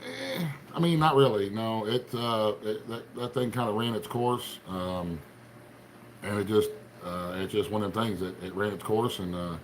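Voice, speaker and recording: A middle-aged livestream host from Appalachian Ohio talks casually in a fairly low voice with an Appalachian accent. His intonation is lively and his pace normal, and he greets viewers by name in a folksy, rambling way. There's slight background noise.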